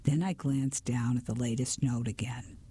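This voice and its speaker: A narrator reading a mystery story in a soft, steady whispered role-play. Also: mid-range voice, normal speed, breathy edge.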